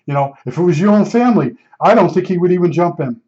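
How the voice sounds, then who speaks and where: A man's voice: sits high, expressive, fast, warm tone. An older man telling a personal story in a casual, rambling way, blunt and emphatic, often repeating himself. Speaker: podcast storyteller. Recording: slightly dull lo-fi recording.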